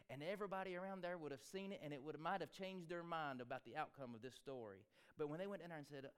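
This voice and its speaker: A male pastor preaching a sermon fervently, swinging between loud peaks and hushed stretches. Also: high voice, fast, few pauses, clear, resonant tone.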